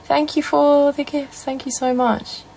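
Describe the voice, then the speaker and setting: A woman's voice: high voice, flat delivery, unhurried, creaky, darkish tone, slight background noise, low-quality recording. A young woman with a Northern English accent, casually chatting on a live stream and answering viewer comments. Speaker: livestreamer.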